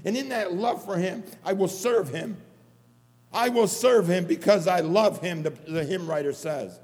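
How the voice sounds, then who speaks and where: A man's voice: high-pitched, unhurried, darkish tone. A man preaching an earnest sermon, repeating phrases for emphasis. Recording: long hall reverb.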